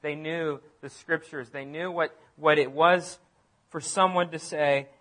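A man preaching a sermon as pastor, emphatic, repeating phrases and swinging from loud declarations to near-quiet asides. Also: a little high, fairly even intonation, measured pace.

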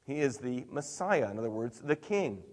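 Middle-aged pastor preaching conversationally. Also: male voice, mid-range voice, very animated, moderate pace, in a large hall. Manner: conversational preaching with swings in loudness and emphasis. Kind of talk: sermon.

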